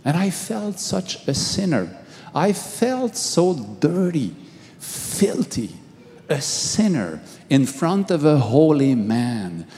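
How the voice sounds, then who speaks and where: Middle-aged male pastor, testimony sermon, halting and repetitive, slightly high voice, reverberant hall. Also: big pitch swings, slight background noise. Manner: halting, repeats words, swings from hushed to raised.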